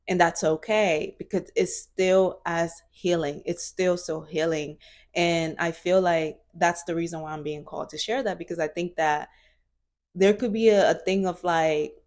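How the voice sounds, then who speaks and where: Woman, twenties, lowish voice, earnest reflective vlog talk with fillers. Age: 20s. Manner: earnest, searching, many fillers and restarts. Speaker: vlogger.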